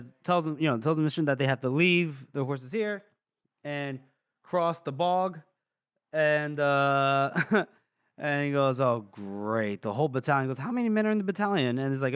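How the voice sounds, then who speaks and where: Animated young man retelling a story. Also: a little high, clean tone, no room sound. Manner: animated retelling, briefly acting out characters' lines, swears freely. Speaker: podcast co-host. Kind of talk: casual book-discussion chat.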